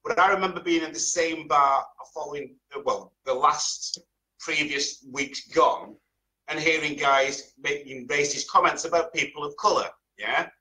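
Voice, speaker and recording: Male podcast guest, opinionated and emphatic, bright voice, a touch higher than average. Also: normal speed, low-quality recording. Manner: emphatic, opinionated, drops in punchlines. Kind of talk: casual chat.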